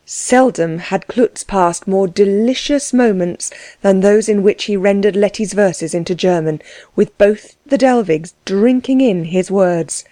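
A woman narrating an audiobook in a measured, expressive storytelling manner. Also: medium pitch, no echo.

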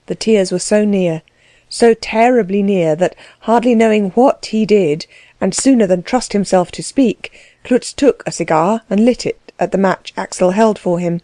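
A woman narrating a novel in an even, measured storytelling voice, close to the mic. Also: mid-range voice, dry recording. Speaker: audiobook narrator.

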